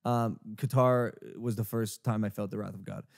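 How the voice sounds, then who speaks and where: A man's voice: on the low side, fairly even intonation, moderate pace, vocal fry. A young man in his twenties hosting a podcast, telling a story in casual chat with lots of restarts and fillers. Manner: rambling, many restarts and fillers. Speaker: podcast host.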